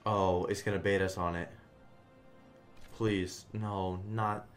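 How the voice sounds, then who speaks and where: A man commenting casually on a slot game stream, swearing a lot and swinging between flat muttering and loud outbursts. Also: low voice, slow pace, faint music behind.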